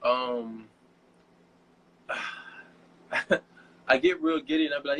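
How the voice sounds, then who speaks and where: A young man being interviewed as a guest model, telling stories in a casual, animated way and laughing often. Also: mid-range voice, drawn-out words, pauses often, rough recording. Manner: giddy, laughing, animated storytelling.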